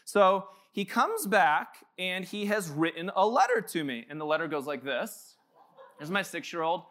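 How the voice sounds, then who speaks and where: A man's voice: high-pitched, brisk, bright, forceful tone, slight background noise. A man in his thirties, a pastor telling joking, casual stories in a sermon at a church. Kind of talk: conversational sermon. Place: church sanctuary.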